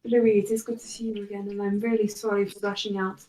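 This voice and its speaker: A woman voicing a formal, hesitant noblewoman in a tabletop game, speaking politely with many pauses. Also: medium pitch, level tone, warm tone, slight background noise, natural voice. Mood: courteous. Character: formal, hesitant noblewoman who has abdicated. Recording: roomy, distant mic.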